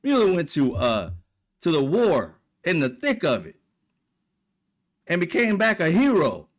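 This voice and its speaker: A man's voice: fairly high pitch, wildly swooping pitch, slow. A man delivering a heated, profane political rant, mocking and blunt. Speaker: political commentator. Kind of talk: ranting monologue.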